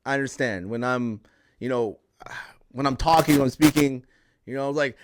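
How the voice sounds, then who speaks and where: A man hosting a casual livestream podcast, talking loudly and with animation and often repeating himself while he chats with viewers. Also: medium pitch, expressive, a little fast, a little hiss or hum. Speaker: podcast host.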